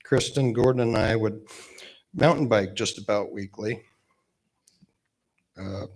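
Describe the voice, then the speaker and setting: A man in his fifties giving a eulogy at a memorial gathering with gentle humor, pausing often with fillers. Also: fairly low pitch. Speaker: eulogy speaker, best man.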